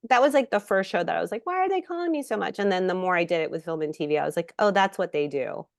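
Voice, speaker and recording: A middle-aged woman, an actress guest in a casual interview, telling lively stories and acting out quotes. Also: fairly low pitch, quick pace, gravelly, no echo, clean studio sound. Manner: animated storyteller, acts out quotes.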